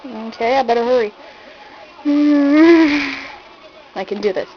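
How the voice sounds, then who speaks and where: A young woman with a high voice talks into her own camera in a casual vlog. She sounds nervous and giggly, stalling and stammering, a little shaky. A faint hiss sits under her voice. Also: takes it slowly, highs cut off. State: shaky from not eating. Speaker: vlogger. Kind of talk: casual self-recorded vlog.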